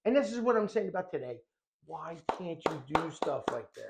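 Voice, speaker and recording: A middle-aged man spins a story on a casual podcast. His pitch leaps and dips as he acts out the people in it. He tells it loosely and keeps laughing along the way. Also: brisk, gravelly, very noisy. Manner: animated storyteller who breaks into laughter, acts out voices. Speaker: podcast co-host.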